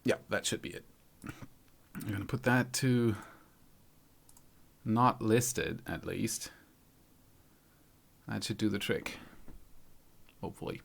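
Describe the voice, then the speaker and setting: A man with a light German accent hosts a casual live stream and greets viewers by reading out their comments. His low voice has a gravelly fry, and he talks his way through each fix to his stream settings. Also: slow, pauses often. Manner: thinks aloud while fiddling with stream settings; friendly, reads out viewers' comments. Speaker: YouTube channel host.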